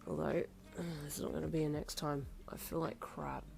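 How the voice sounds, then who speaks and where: Woman voicing a drunk young guy, slurred, mumbling, low and quiet, faint music behind. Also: flat delivery, moderate pace, vocal fry. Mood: sheepish. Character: drunk slurring young male boyfriend, sheepish. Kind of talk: fan fiction audio story.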